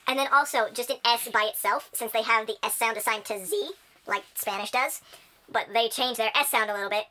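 A woman's voice: a little high, a little fast, pushed and bright. A young woman chatting casually as a channel host, enthusiastic and rambling with many fillers. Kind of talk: casual chat.

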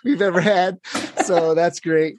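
A man's voice: high voice, steady tone, unhurried, a little mellow, a little hiss or hum. A man talking as a podcast guest, polite and gracious, laughing easily. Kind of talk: casual interview talk.

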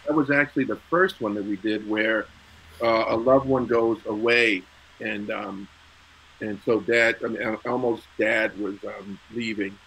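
A man's voice: lowish voice, fairly even intonation, measured pace, vocal fry, fairly bright tone, husky, poor audio. A middle-aged man, a guest, telling stories in casual chat, getting emotional and laughing, with many restarts and repeated words.

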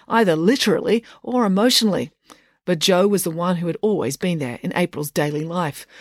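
A woman narrating a storybook with a lively, expressive reading. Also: lowish voice, dry recording, clean studio sound. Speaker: audiobook narrator.

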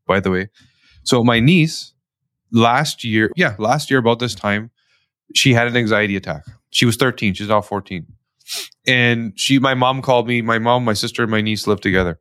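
A man from Canada, a guest, telling a family story in lively conversational style with quoted dialogue. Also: fairly low pitch, no echo, clean studio sound. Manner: animated, tells stories with quoted dialogue. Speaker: guest, company founder.

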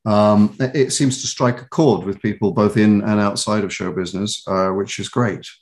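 A man's voice: on the low side, steady tone, normal speed. A British man from England, a voice actor and author, telling stories in a casual interview with many restarts and laughs.

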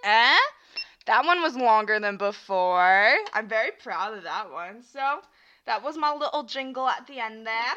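A young woman hosts a casual solo podcast into a home mic, her voice high and very bright. She chats in a scattered way, jumping from thought to thought. Faint toy piano music plays behind her. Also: animated, a little slow, dull audio. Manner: scattered, chatty, jumps between thoughts. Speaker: podcast host.

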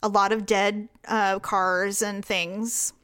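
A woman co-hosting a casual talk show, telling a story with lively quoted dialogue and frequent laughter. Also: mid-range voice, slow, clean tone. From California. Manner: animated, laughs often, acts out quotes. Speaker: podcast co-host.

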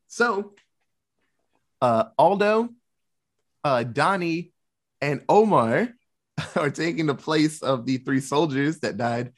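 Male podcast host, loose rambling recap delivery, average pitch, filler-heavy. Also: very animated, takes it slowly, pauses often. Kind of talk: casual movie recap chat.

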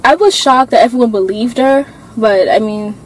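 A woman's voice: fairly high pitch, normal speed, a little hiss or hum, poor audio. A young woman co-hosting a casual podcast chat, chatty and giggly, with plenty of likes and ums. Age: young adult. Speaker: podcast co-host.

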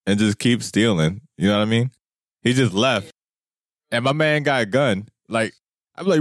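A man co-hosts a podcast, joking through a movie recap and stepping into the scenes as if he were there. His pitch leaps around with a lively swing, and the sound is dry and close. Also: fairly quick, no echo. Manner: joking, riffs by acting out scenes. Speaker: podcast co-host. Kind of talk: casual movie-recap chat.

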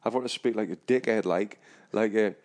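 A man's voice: on the low side, brisk, darkish tone. A young man co-hosting a casual podcast, telling stories in a laid-back, sweary way with frequent restarts. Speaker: podcast co-host.

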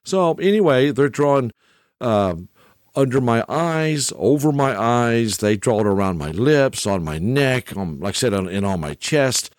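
A man's voice: medium pitch, animated, a little slow, no echo, clean studio sound. A middle-aged man telling a rambling, folksy story in casual monologue, often tagging lines with "okay?".

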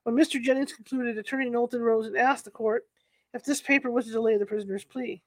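A woman's voice: fairly high pitch, steady tone, quick pace, dry recording. Woman narrator reading history aloud, unrehearsed, catches on hard words, dead dry sound. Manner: unpolished reading, stumbles over words and corrects herself.

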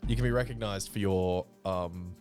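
A man's voice: low-pitched, steady tone, moderate pace, a little mellow, faint music behind. A young man co-hosting a comedy podcast, teasing his friends in a mock-pompous way and swearing. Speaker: podcast co-host. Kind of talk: casual comedic podcast banter.

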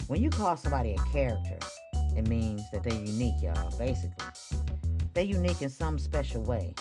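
Low-voiced woman preaching self-worth casually. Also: big pitch swings, brisk, over loud music. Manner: casual, preachy, rhetorical questions, frequent chuckles. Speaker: podcast host. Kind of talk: spiritual motivational talk. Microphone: studio microphone.

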